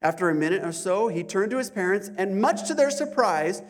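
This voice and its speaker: A man preaching at a Sunday church service with a fairly high voice. He speaks deliberately, drawing out his key questions and stressing points slowly. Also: big pitch swings. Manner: deliberate, slows down for emphasis. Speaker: pastor. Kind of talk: sermon.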